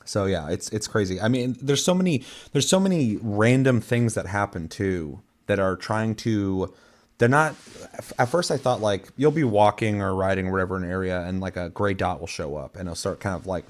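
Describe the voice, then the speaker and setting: A man's voice: lowish voice, normal speed. A young man chatting casually on a podcast, rambling and swearing, with lots of filler words. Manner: rambling, profane storytelling with many fillers. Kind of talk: casual chat.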